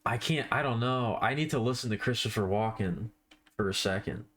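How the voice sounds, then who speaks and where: A man's voice: fairly low pitch, brisk, a bit bright. A man chatting casually on a live stream while he draws, rambling and self-deprecating, with offhand swearing.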